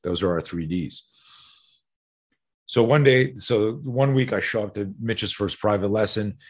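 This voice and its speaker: Husky man, self-defense teacher, animated storyteller who swears freely. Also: on the low side. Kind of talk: conversational storytelling.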